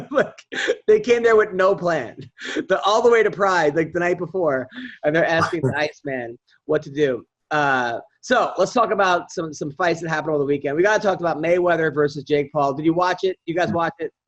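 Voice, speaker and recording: A man on a podcast telling profane, animated stories in a casual chat. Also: fairly high pitch, a little fast. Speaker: podcast guest comedian. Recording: dull lo-fi audio.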